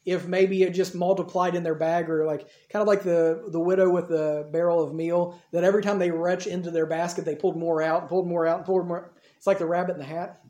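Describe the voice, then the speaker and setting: A man preaching a storytelling sermon with a soft, mellow tone. He talks conversationally and retells the scene in everyday speech. His voice carries a roomy echo from the hall. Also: high-pitched, level tone, quick pace, dull audio. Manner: conversational, acts out dialogue in the retelling.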